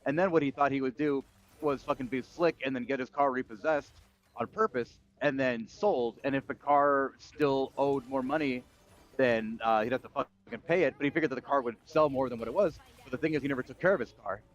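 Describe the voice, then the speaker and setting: A fast-talking man rants through a story on a livestream, swearing freely in loose casual chat. His voice comes through a dull, lo-fi mic. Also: mid-range voice. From United States. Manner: profane ranting storytelling. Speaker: streamer.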